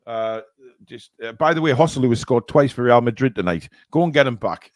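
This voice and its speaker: A man's voice: mid-range voice, animated, brisk, dry recording. A man hosting a charity live stream, reading out donations and laughing at cheeky comments. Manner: laughing, reads out super chats with mock outrage. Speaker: livestream host reading donations. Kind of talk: casual live stream chat.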